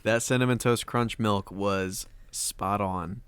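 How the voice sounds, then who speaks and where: A young man co-hosting a casual podcast, playful and quick with enthusiastic reactions. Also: lowish voice, steady tone, fairly bright tone, clean tone, no echo. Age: young adult. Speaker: podcast co-host. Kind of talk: casual chat.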